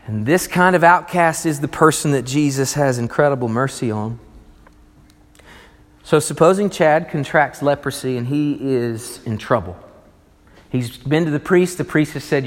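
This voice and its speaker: A man preaching a sermon, animated and acting out the voices of people in his story. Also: mid-range voice, moderate pace. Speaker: pastor. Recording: long reverb of a large hall.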